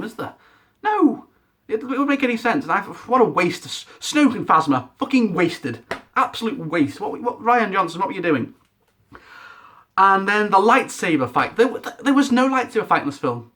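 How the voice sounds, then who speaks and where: A young man doing a ranting review vlog, animated and exasperated, making sound effects. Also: fairly high pitch. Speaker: film reviewer.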